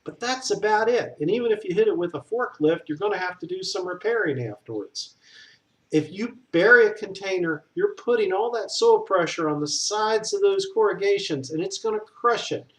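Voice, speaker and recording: A man's voice: sits high, lively intonation, normal speed, a bit bright. A man, a structural engineer talking bluntly and digressively in a casual explanatory monologue. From Southern US.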